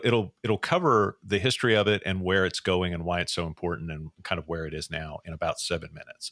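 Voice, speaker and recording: A man hosting a casual news podcast, his voice rough from recent illness, rambling with many restarts. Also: sits low, a bit bright, dry recording, clean studio sound. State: voice deeper and rough after illness. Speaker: podcast host.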